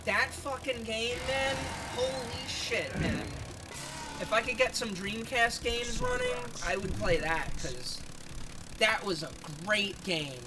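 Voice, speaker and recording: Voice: medium pitch, very animated, slow, music in the background. A streamer chatting casually over a game, rambling, swearing often, laughing a lot and self-conscious about their voice. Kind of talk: casual gaming stream commentary.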